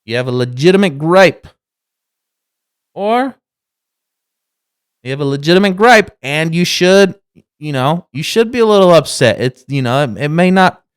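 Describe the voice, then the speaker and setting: A man in his thirties talks through a casual podcast monologue in a smooth, clear voice. He speaks slowly but with a very lively pitch that swings up and down. He rambles, restarts his sentences and swears as he goes. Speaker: podcast co-host.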